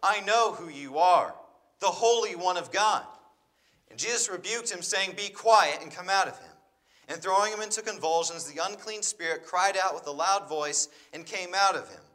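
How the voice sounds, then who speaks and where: A male preacher delivers a sermon, reading passages of scripture aloud and then unpacking them with rhetorical questions. His voice sits high and rings with a bright, forceful edge.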